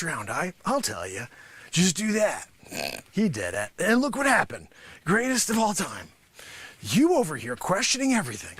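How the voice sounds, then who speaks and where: A man playing a loud, boastful and greedy karate sensei who shouts at and mocks his students. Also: very high voice, breathy edge, dry recording, exaggerated voice. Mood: boasting. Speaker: comedy show host. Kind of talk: improvised comedy character rant.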